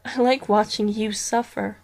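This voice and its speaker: A woman voicing a vengeful haunted female virtual pet, speaking slowly, coldly and accusingly. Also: medium pitch, fairly even intonation, vocal fry. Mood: menacing.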